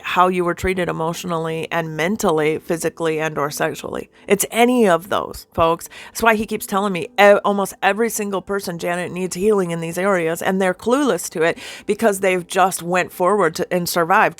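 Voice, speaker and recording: A woman's voice: on the low side, dry recording. A middle-aged woman leading a ministry, giving an emotional, confessional spiritual testimony and relaying what she hears God say. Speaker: ministry leader.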